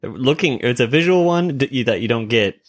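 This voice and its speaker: A man's voice: mid-range voice, animated, normal speed, no echo. A man co-hosting a podcast in casual chat, tossing off dry jokes. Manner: jokey, dry quips. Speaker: podcast co-host.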